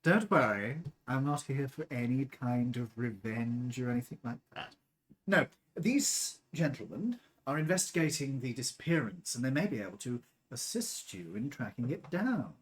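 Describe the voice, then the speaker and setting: A man's voice: medium pitch, lively intonation, normal speed, lightly acted. A man voicing a composed, aloof male noble patron with a dry manner. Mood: cool.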